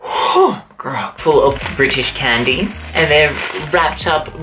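An Australian man hosting a casual taste-test vlog, talking in an animated, theatrical and sassy way. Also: on the high side, takes it slowly, music in the background. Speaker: YouTuber.

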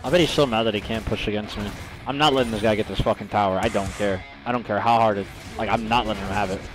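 A young man streaming a video game live, ranting and swearing at teammates, swinging from low mutters to shrieking outbursts. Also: steady tone, fast, rough recording. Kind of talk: live gameplay commentary. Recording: faint music behind.

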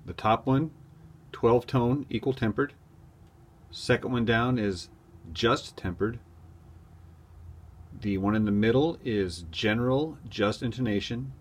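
A man's voice: medium pitch, takes it slowly, pauses often. A man who makes cigar box guitar fretboards, giving a casual how-to tutorial and explaining each step plainly.

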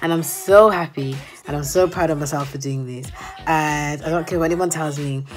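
A young woman talks straight to her phone camera in a casual, giggly vlog. Her voice sits a little low, and she stretches her exclamations out. Faint music plays softly behind her. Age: young adult. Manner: chatty and giggly, drawn-out exclamations. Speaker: vlogger. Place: bedroom.

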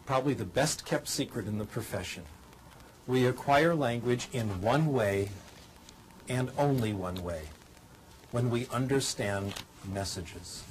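A man's voice: medium pitch, slight background noise, poor audio. An older man lecturing to a studio audience in a dry, humorous way, teaching by demonstration.

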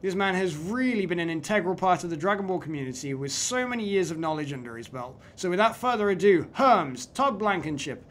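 A man hosting an online quiz show, energetic and laughing often. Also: high-pitched, a little fast, few pauses, slight background noise. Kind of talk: upbeat hosting with frequent laughter.

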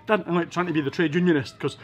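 A Scottish man telling his life story in a casual interview, quick and lively, acting out the people in his stories. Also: on the high side. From Scotland. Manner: fast, lively storytelling with acted-out quotes.

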